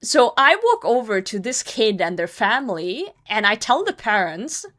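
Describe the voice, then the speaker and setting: A young adult woman telling a story to her stream chat in a casual, animated way, swearing freely and sometimes trailing off into mumbles. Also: on the high side, normal speed. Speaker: livestreamer.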